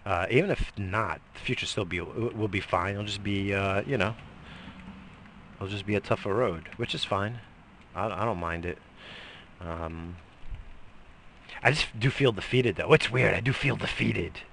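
A middle-aged man talks in a loose, profane ramble, with coughs breaking up his sentences. His voice is low and gravelly with a bright, forceful edge. Faint noise sits under the recording. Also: measured pace, pauses often. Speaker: vlogger. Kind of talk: casual rambling monologue.

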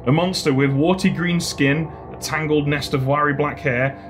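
A man running a tabletop game as dungeon master, narrating scenes calmly and patiently explaining the rules. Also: fairly high pitch, normal speed, over music. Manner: calm descriptive storytelling, explains rules patiently.

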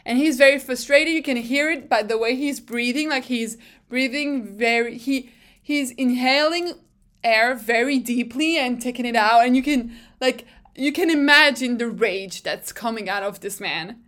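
A woman's voice: fairly high pitch, moderate pace. Giggly young French woman chatting. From France. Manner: giggly and animated, swears casually, lots of fillers. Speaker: vlog host. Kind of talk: casual chatty recap.

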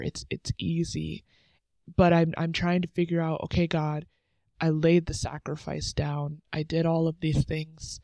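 A woman's voice: low voice, flat delivery, unhurried, creaky, warm tone, no echo. A young woman hosting a faith podcast, talking candidly and earnestly from home, chatty with lots of filler words. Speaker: podcast host. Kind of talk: casual devotional talk. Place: sitting on the floor at home under a blanket.

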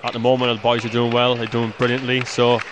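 Flat-voiced footballer, modest and brief. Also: male voice, medium pitch, fast, a crowd in the background. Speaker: injured footballer, studio guest. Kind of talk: casual chat. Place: football stadium stand.

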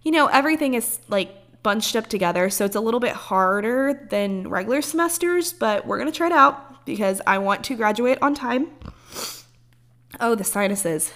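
A woman's voice: on the high side, lively intonation, moderate pace, a bit bright. A young woman in her early twenties hosts a loose, unscripted podcast. She rambles casually, wanders off track and swears freely in her talk. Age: early 20s. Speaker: podcast host.

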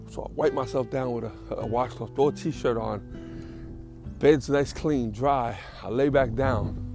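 A man's voice: medium pitch, gravelly. A man hosting a podcast, telling rambling, profane, self-amused stories in casual talk. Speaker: podcast host. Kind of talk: casual storytelling.

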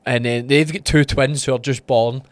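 Chatting casually as a podcast co-host, this Scottish man spins animated stories, voicing quotes from others and laughing a lot. He speaks at a moderate pace and typical male pitch, recorded dry and close with no room around him.

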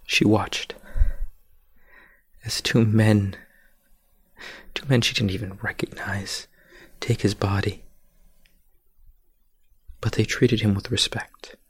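A male preacher retelling a scripture story in a sermon, hushed and often dropping to a whisper for drama. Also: fairly low pitch, steady tone, takes it slowly, pauses often, husky, no room sound.

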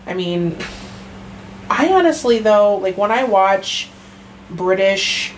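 A woman's voice: mid-range voice, animated, slow pace, a little hiss or hum, rough recording. A woman co-hosting a casual true-crime podcast, talking in a rambling, profane way with lots of fillers. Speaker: podcast co-host.

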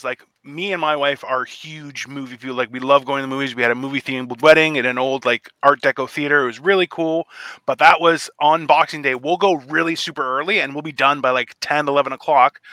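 A man's voice: on the high side, bright, forceful tone, dry recording. A man in casual comedic podcast chat, blunt and ranting. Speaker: podcast host.

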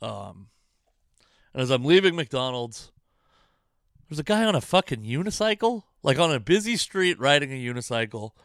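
A man in the middle of a frustrated, swear-filled ramble, hosting his own podcast from home. His voice is smooth and resonant at an ordinary pitch. It is recorded close to the mic in a dry room with no echo. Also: very animated, normal speed, pauses often, a bit bright. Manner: exasperated, profane, rambling. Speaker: comedian and podcast host. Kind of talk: casual self-deprecating monologue.

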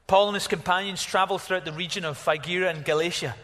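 A man preaches a sermon in a reverberant church hall. His voice is fairly high and bright. He is animated, exclaiming at times and dropping to a hush at others. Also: fast. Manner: animated, exclaiming, varies from loud to hushed. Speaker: pastor.

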